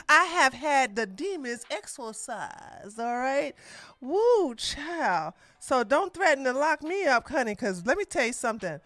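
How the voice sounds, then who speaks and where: A woman's voice: fairly high pitch, a bit bright, dry recording, pitched below the performer's own voice. A woman putting on a flamboyant, sassy man just out of jail, campy and drawling. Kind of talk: mocking podcast impression.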